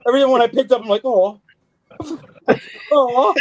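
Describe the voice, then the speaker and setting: A man's voice: extremely high pitch, racing, dry recording, poor audio. A man hosting a casual podcast, telling loose, profane stories and acting out little voices. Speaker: podcast host, reptile breeder.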